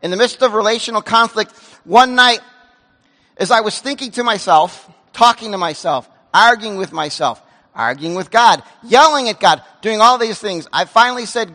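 A man preaching a sermon as pastor, animated, acting out dialogue and swinging between loud outbursts and hushed asides. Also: sits high, normal speed, in a large hall. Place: church sanctuary.

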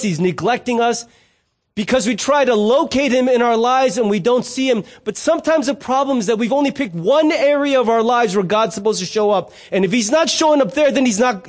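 The speaker is a pastor, a middle-aged man whose voice is unusually high and light for a man. He preaches casually and conversationally, slipping in anecdotes and lighthearted asides while he teaches.

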